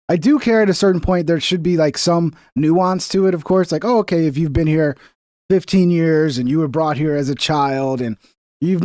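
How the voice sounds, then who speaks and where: A man's voice: a little high, a little mellow, dry recording, studio quality. A young man hosting a casual livestream, talking bluntly and sarcastically with lots of swearing. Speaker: streamer reacting to news.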